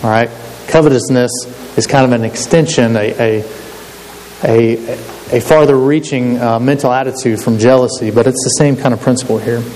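A man's voice: mid-range voice, steady tone, moderate pace, darkish tone. A man preaching a sermon in a conversational way, often asking his listeners to agree. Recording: long hall reverb with faint hiss.

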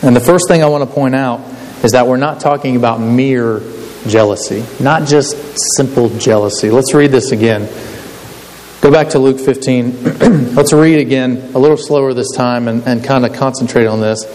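A preacher in a reverberant hall. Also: male voice, medium pitch, normal speed, darkish tone. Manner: conversational, asks the listeners to agree. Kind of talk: sermon. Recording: long hall reverb with faint hiss.

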